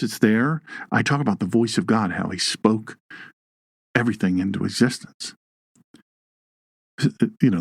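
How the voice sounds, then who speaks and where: A man's voice: on the high side, no room sound, studio quality. A man hosting an online Bible teaching show, with a folksy, joking manner and emphatic rises on key points. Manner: folksy, jokey asides, reads live chat.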